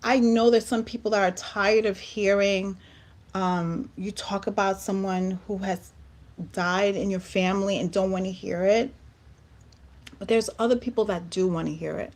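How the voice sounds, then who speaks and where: A woman's voice: medium pitch, fairly even intonation, moderate pace, darkish tone. A woman hosting a heartfelt talk show conversation, speaking earnestly and emphatically and often repeating words. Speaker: host.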